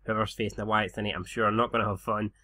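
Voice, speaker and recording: A man's voice: on the low side, little pitch movement, racing, pushed and bright. A man in his twenties with a Scottish accent, giving casual let's-play commentary full of sweary, laid-back banter. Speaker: game commentator.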